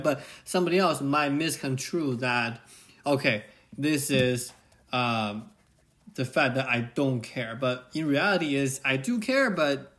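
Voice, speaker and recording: A man's voice: mid-range voice, fairly bright tone. A man hosting a reflective solo podcast. He talks in a rambling way, with many restarts and frequent "right?" tags. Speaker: podcast host.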